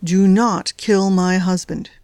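A woman's voice: mid-range voice, lively intonation, moderate pace, no echo, studio quality, voice pushed up, close to an everyday voice. Woman voicing an icy, curt young wife. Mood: cold, sharp. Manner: sharp, clipped and cold.

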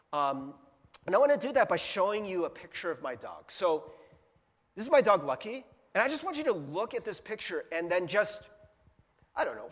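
Lively high-voiced pastor in a reverberant hall. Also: male voice. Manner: casual, chatty, asks the audience questions, laughs often. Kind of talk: conversational sermon. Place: church hall with a projector.

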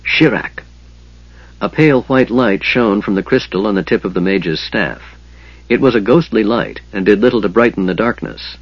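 A man reading a fantasy novel aloud in a measured storytelling manner. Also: fairly low pitch, no room sound, lo-fi sound. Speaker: audiobook narrator. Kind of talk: scripted fantasy narration.

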